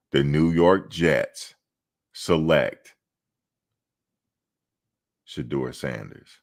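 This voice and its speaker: A booming, formal draft-night announcer, as a deep-voiced streamer puts him on reads the pick at a slow, ceremonial pace. The voice is very low and gravelly, and every word is drawn out for effect. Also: male voice, heavily acted.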